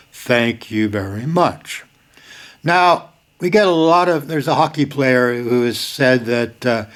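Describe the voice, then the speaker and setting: An older man hosts a video, speaking directly to the camera in casual commentary. His voice is medium-pitched and fairly bright, and he delivers it emphatically, repeating key lines and erupting in sudden bursts of force.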